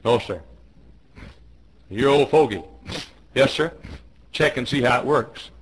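A man in his fifties preaching a fiery sermon in a church, swinging from hushed low tones to shouted commands he hammers home again and again. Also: slow pace, husky, poor audio. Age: 50s. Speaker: pastor. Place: church auditorium.

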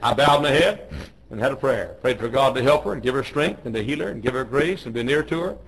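A man preaching a sermon, telling a story in a folksy way, clearing his throat and restarting often. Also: medium pitch, expressive, quick pace, a bit bright, low-quality recording. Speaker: pastor.

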